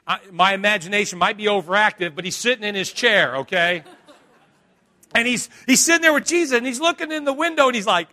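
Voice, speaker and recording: A male pastor preaching a sermon, swinging from hushed lines to loud dramatic ones. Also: high-pitched, lively intonation, normal speed, long pauses.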